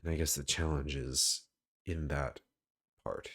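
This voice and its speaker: A man's voice: rumbling low, steady tone, unhurried, a bit bright. A man casually commenting while streaming a game, rambling and thinking aloud.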